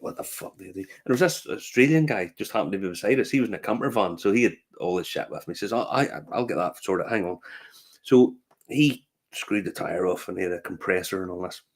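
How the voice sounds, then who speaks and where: A middle-aged man with a Northern Irish accent tells a rambling anecdote, laughing and swearing as he goes. His pitch swings widely, rising high in the funny parts. It's relaxed, casual talk among friends. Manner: animated storyteller, swears freely, laughs often. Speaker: podcast co-host.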